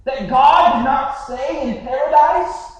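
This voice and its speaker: A man's voice: very high-pitched, slow. A male pastor preaching a sermon in an earnest, conversational way, often restarting his phrases. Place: church sanctuary. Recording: very echoey hall, mic far off.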